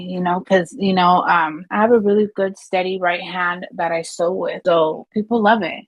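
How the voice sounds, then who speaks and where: A woman's voice: lowish voice, steady tone, moderate pace, hardly any pauses, poor audio. A middle-aged woman, a funeral director, telling stories in casual podcast talk, acting out quotes and swearing freely.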